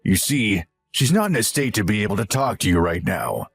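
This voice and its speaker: A stern older father speaks in a firm, measured, reproachful way, with a voice that rises and falls widely. A man reads him out in a story. Faint music plays behind. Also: on the low side, sing-song, vocal fry, breathy edge, exaggerated voice. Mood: grave.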